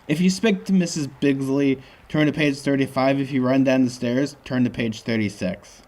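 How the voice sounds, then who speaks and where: A man's voice: medium pitch, normal speed, hardly any pauses. A man reading a choose-your-own-adventure book aloud as host, breaking off for joking asides. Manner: jokey asides, lively reading.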